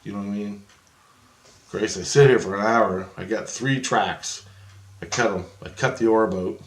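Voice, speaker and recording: A man's voice: on the low side, moderate pace. A man vlogging in a casual, rambling monologue, swearing freely and repeating phrases as he acts out what he said. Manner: profane, repeats phrases, acts out his own quotes. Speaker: paranormal vlogger. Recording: echoey room with faint ambience.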